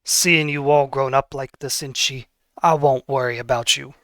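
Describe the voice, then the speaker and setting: A man voicing the ghost of a roguish old father who speaks fondly and haltingly to his son. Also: medium pitch, fairly even intonation, pushed and bright, dry recording. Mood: earnest.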